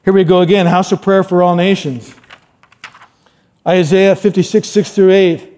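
A middle-aged male pastor preaches with a raised, mellow voice. His talk is loose and chatty, full of asides, and now and then he rises to loud emphatic lines. The sound rings with a long hall reverb. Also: high-pitched, steady tone, normal speed. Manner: conversational, rambling asides, rising to loud emphatic quotes. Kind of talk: sermon.

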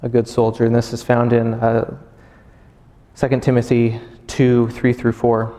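Man, 30s, pastor, sermon, earnest, personal, mid pitch, long hall reverb. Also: completely flat delivery, a little slow, dark tone. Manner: earnest and personal, with repeated restarts.

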